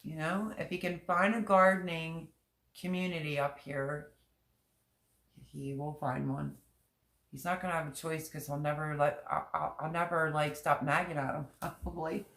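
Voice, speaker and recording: A woman's voice: sits low, fairly even intonation, moderate pace, fairly bright tone. A middle-aged woman hosting a casual livestream chat from home, talking in a candid, emotional and rambling way and repeating herself. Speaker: livestream host. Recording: echoey room.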